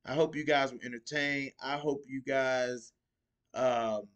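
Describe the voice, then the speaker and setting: A man's voice: mid-range voice, fairly even intonation, a little slow, a bit bright, lo-fi sound. A man hosting a casual podcast, talking in a laid-back, slangy way and laughing often. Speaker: podcast host.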